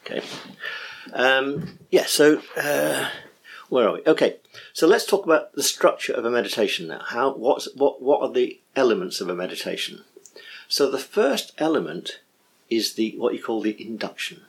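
A man's voice: medium pitch, expressive, normal speed, vocal fry, breathy edge. A middle-aged man, teaching a workshop on guiding meditation in an enthusiastic, chatty way. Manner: enthusiastic, chatty, full of praise.

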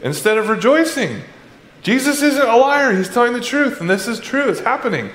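A man preaching a sermon as pastor, animated, acting out the voices of his listeners. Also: extremely high pitch, normal speed. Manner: animated, acts out congregants' voices. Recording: echoey church hall, faint background noise.

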